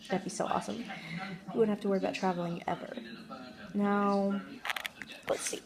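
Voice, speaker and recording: A woman's voice: mid-range voice, fairly even intonation, a little fast, a crowd in the background, rough recording. A woman vlogger musing aloud in a casual, jokey monologue, rambling and trailing off as she thinks.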